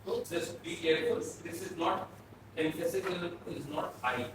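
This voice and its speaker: Lecturer, male, from Bhutan; slow, repetitive explanations, distant mic in an echoey classroom. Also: a little high. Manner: explains slowly, repeating and restarting phrases. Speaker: philosophy lecturer. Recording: echoey room, mic far off, faint noise.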